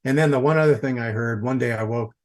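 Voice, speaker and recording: A man's voice: mid-range voice, quick pace. A man in his forties, a podcast guest, telling his story casually and animatedly, with lots of "dude" and "like". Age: 40s. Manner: animated, says dude and like a lot.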